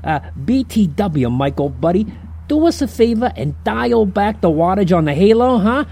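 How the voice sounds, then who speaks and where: A man's voice: high voice, big pitch swings, normal speed, gravelly, warm tone, full character voice. An actor playing a jovial, sleazy male demon who talks in slangy, chuckling banter in an audio drama. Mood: wisecracking.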